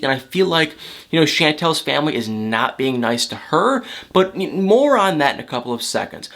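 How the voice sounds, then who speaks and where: A man's voice: on the high side, fairly bright tone. Chatty emotional man recapping reality TV. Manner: chatty and emotional, full of fillers and repeats. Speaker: reality TV commentator. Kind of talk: casual recap vlog.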